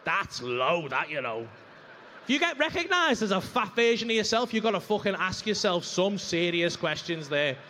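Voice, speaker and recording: A man's voice: high-pitched, very animated, moderate pace, bright, forceful tone, slight background noise. A man doing a stand-up routine on a comedy club stage, brash and sweary as he rambles through stories.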